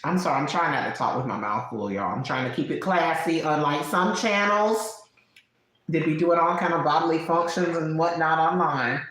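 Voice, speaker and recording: Chatting frankly with people watching from home, this late-thirties streamer laughs frequently and eats snacks as she goes. Her voice is deep with a fairly bright tone, her pace moderate, and the room is very echoey.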